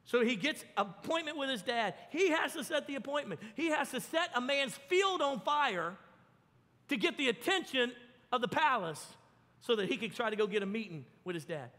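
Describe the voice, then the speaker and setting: High bright voiced pastor guy preaching, acts out the characters, church hall echo. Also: normal speed. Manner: animated storytelling, acts out voices. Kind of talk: sermon.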